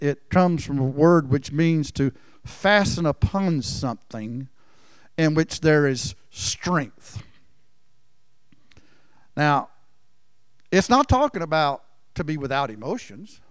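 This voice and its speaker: A man preaching a sermon in a folksy storytelling way, swinging from loud emphasis down to near-whispers. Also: fairly high pitch, clear, resonant tone, dry recording, clean studio sound. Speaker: pastor.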